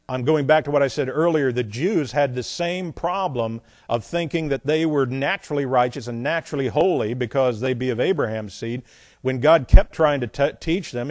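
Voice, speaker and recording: A man delivers a sermon, reading scripture aloud and breaking off into folksy asides. His voice sits a little high for a man, and he swings between loud emphasis and quiet remarks. The recording is dry and close, with no room echo. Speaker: preacher. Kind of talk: sermon, Bible exposition.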